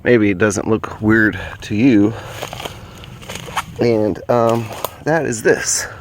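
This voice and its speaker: A lower-pitched man rambles and muses as he walks through the woods. He talks to a handheld camera, and a faint outdoor hum sits behind him. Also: slow pace. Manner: rambling, musing. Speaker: vlogger. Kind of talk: casual outdoor vlog.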